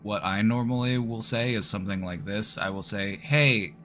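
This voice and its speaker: A man giving calm, reassuring, casual advice as the host of a live online therapy stream. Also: fairly low pitch, normal speed.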